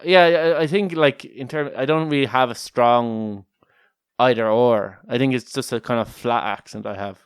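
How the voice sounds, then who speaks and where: A man's voice: mid-range voice, normal speed, smooth, no room sound, clean studio sound. A young Irish man with a Kildare accent, a podcast co-host telling stories in casual chat, rambling, swearing and laughing often.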